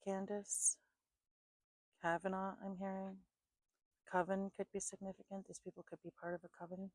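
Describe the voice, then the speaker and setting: A woman doing an intuitive psychic reading at home, calmly listing names and places she picks up, thinking aloud and a bit sleepy. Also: medium pitch, moderate pace, no room sound, low-quality recording. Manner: calm, repetitive, thinking aloud. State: sleepy, yawning. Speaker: psychic reader.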